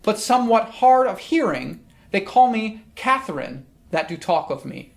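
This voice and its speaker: A teacher reading a stubborn, sharp-tongued young woman. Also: medium pitch, sing-song, moderate pace, creaky, pitched above the performer's own voice. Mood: mocking.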